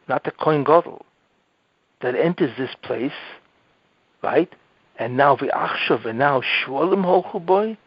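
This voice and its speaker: A man's voice: on the high side, no echo. A male rabbi giving a Torah class, explaining step by step, asking rhetorical questions and checking in with his listeners. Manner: explanatory, checks in with "okay?" and "right?"; rhetorical questions, animated emphasis. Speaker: rabbi teaching a weekly class. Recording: dull, dry lo-fi audio recording.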